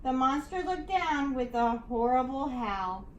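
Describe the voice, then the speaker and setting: Teacher reading aloud: woman, slow and rhythmic, heard from a distant mic. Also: high-pitched, lively intonation. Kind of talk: reading a picture book aloud to a class. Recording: echoey room, distant mic.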